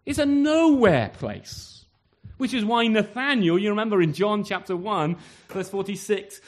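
Lively high-voiced male preacher. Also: unhurried. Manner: lively, full of rhetorical questions and acted-out exchanges. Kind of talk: sermon.

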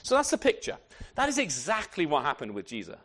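A man preaching a sermon to his congregation, animated and often repeating words as he restarts his sentences. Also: on the high side, fairly quick. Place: church.

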